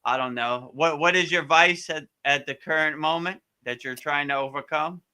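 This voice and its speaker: A spiritual teacher answers questions in a live session, offering easygoing, casual advice with lots of repetition and fillers. His fairly high voice sounds pushed, bright, clear, and resonant at a normal speed.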